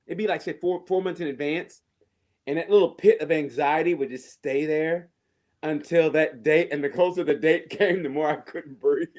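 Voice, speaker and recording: Animated laughing male comedian. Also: on the high side. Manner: animated storyteller, laughs often, swears freely. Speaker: stand-up comedian, podcast guest. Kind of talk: casual podcast chat.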